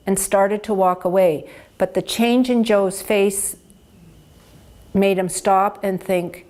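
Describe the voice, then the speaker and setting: A woman hearing care counselor gives an educational health talk. She speaks on a lapel microphone and explains clearly and patiently, with practical examples. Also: mid-range voice, fairly even intonation, measured pace, a little mellow.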